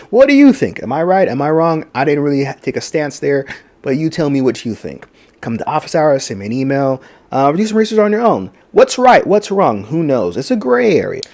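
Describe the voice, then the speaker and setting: A man giving a recorded college lecture, conversational and animated, with many fillers and rhetorical questions. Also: mid-range voice.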